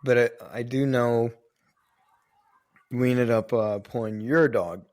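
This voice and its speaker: A young man co-hosting a podcast, telling a story in a loose, rambling way. His voice sits at an ordinary middle pitch. He tosses in fillers and the odd curse as he goes. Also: steady tone, slow pace, darkish tone. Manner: rambling, with many fillers and casual swearing. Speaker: podcast co-host. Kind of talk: casual storytelling chat.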